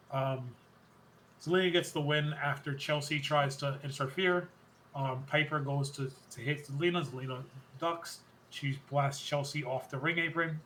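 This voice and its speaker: Guy hosting a podcast, bright voice, rambles and corrects himself a lot, bit of hiss behind. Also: on the high side. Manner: rambling, self-correcting, excited recounting. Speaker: podcast host. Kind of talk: casual wrestling recap chat.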